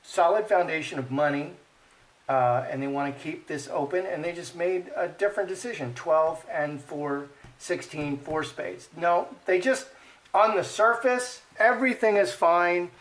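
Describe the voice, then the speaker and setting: A card reader with a fairly high male voice, a bit bright, speaks at a measured pace. He offers casual commentary as he reads the cards, thinking aloud, repeating himself and murmuring each card's name.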